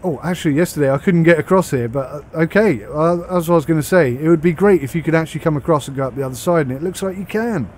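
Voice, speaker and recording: A man's voice: on the high side, fast talker, few pauses, a little mellow, a little hiss or hum. A British man giving a casual, rambling commentary on a train game as he plays, thinking aloud. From United Kingdom. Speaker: game reviewer.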